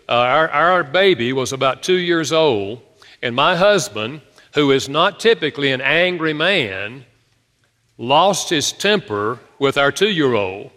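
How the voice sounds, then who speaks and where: A man preaching a sermon to his congregation, telling stories from his own marriage in a lively storytelling manner. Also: a little high. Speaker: pastor. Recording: long reverb of a large hall.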